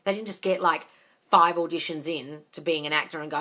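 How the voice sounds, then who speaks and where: Woman in her 40s ranting live on her phone, bright voice, swears a lot and shouts at viewers. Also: low-pitched, steady tone, a little fast. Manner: exasperated, shouts and swears often. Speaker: manifesting coach answering live questions. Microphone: phone livestream.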